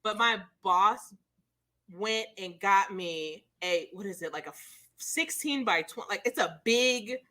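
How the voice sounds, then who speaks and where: A young woman hosting a casual chat, telling a story in a gushing, excitable way full of "like"s. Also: mid-range voice, measured pace, low-quality recording. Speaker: podcast host.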